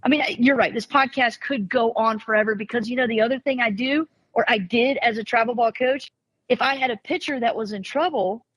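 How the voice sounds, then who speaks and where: Here a husky-voiced woman, a former college and travel ball softball coach, shares lively stories in casual podcast conversation at a fairly high pitch. She acts out quoted coaches and parents, restarting quickly and repeating words, in a dry, rough recording.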